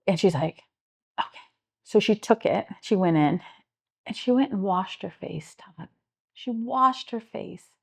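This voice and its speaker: A woman's voice: medium pitch, unhurried, gravelly, breathy edge. A middle-aged woman with a Midwestern American accent, a homeless services director telling stories earnestly in an interview, acting out the people she quotes. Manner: earnest, animated retelling with acted-out quotes. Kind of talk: interview storytelling.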